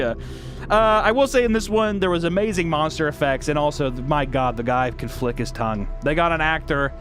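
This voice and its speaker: Profane, animated comedic reviewer, man. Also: a little high, a little fast, soft background music. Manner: sarcastic, profane rants. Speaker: video reviewer. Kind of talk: comedic commentary.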